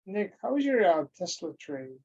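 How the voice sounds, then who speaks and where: A man's voice: high voice, sing-song, normal speed, a little mellow. A man on a voice call, asking brief, curious questions. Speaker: caller on the voice chat. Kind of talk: casual chat on a voice call. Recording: dull lo-fi call audio.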